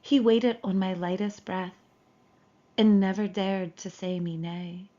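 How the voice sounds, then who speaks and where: Brief: woman, calm measured verse reading, mellow tone, dull lo-fi playback. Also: mid-range voice. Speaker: poetry reader in course audio. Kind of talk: calm poetry recitation. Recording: dull lo-fi playback of course audio.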